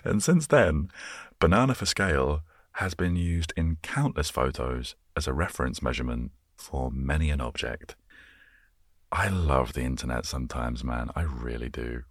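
A man rambling in an easygoing, soft-spoken way, chatting casually so listeners can unwind. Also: rumbling low, moderate pace, no echo, studio quality. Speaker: host. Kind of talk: relaxed rambling chat to help listeners unwind.

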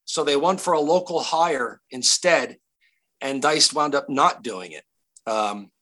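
A man's voice: mid-range voice, measured pace, bright, forceful tone. A middle-aged man, an actor guest, telling stories in a casual interview with many restarts and fillers.

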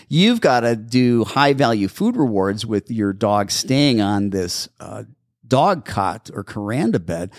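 Male call-in show host, mid pitch, animated, instructive, dry close mic. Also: no room sound. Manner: practical, instructive, repeats steps patiently. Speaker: podcast host and dog trainer.

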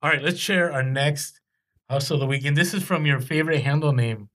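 Lively higher-voiced male podcast co-host. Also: brisk. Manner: animated, rising in pitch when excited. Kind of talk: casual chat.

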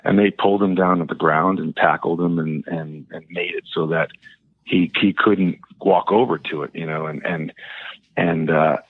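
Low-voiced man calling in over a phone line. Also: fairly even intonation, moderate pace. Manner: hesitant, rambling with many fillers and restarts. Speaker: caller. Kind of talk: telling a personal story on a call-in show.

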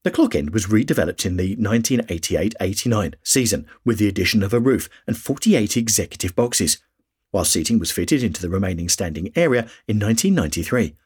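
A man's voice: on the low side, lively intonation, fast, a little mellow, husky. A man reading a scripted history narration for a podcast. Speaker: podcast host.

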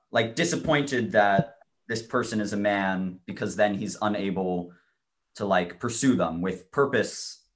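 A man's voice: fairly low pitch, a bit bright. A man who is a guest in a casual literary discussion, speaking hesitantly and filling his talk with "like".

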